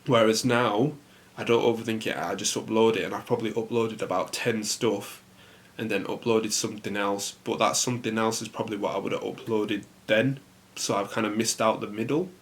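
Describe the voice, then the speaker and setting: A young man hosting a casual solo podcast, rambling in a relaxed way with lots of fillers. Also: on the low side. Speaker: podcast host.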